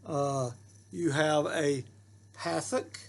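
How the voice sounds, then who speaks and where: A man teaches a beginner Hebrew lesson at an unhurried pace. His voice sits a little high, with a husky, gravelly texture. He patiently repeats each rule and sounds out syllables for his students. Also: steady tone. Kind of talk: slow classroom-style lesson.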